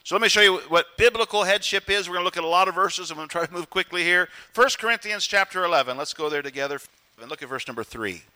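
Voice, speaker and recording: A man preaching a sermon as pastor, animated and acting out little voices to make his points. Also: high voice, fast. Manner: animated, acts out voices for emphasis.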